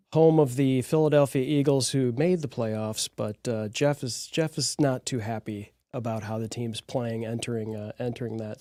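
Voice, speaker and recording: A man's voice: mid-range voice, warm tone, no echo, clean studio sound. A man hosting a live podcast, talking in an upbeat, encouraging way. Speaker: podcast host.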